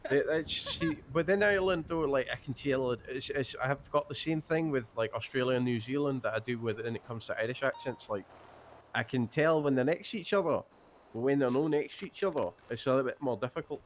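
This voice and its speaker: A man's voice: medium pitch, fairly quick, a little hiss or hum. A man chatting casually in character during a game roleplay, easygoing and rambling, often repeating himself. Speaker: roleplay player.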